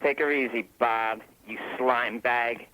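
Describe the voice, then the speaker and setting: Mocking male caller, mid-pitched. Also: fairly even intonation, slow pace, sharp tone, rough recording. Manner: mocking insults.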